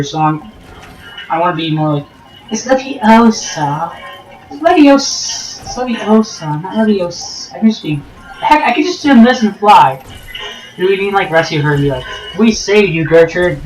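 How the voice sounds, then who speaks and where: A man's voice: high-pitched, animated, normal speed, fairly bright tone, reverberant, recorded from a distance, a little hiss or hum, rough recording. Joking man rambling over gameplay. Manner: joking, rambling, goofy asides. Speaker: let's play host. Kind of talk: casual gameplay commentary.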